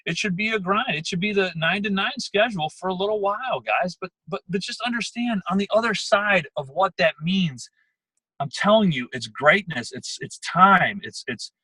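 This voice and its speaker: A man giving a motivational talk to a sales team on a call, emphatic and quick, repeating words as he pushes his point. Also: high-pitched, expressive, pushed and bright, husky, no room sound, low-quality recording. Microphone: phone or computer call.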